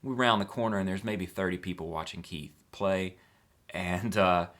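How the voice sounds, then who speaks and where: A man's voice: sits low, steady tone, moderate pace, fairly bright tone. A man, a singer-songwriter, chatting casually as he answers fan questions, easygoing and rambling with frequent filler sounds.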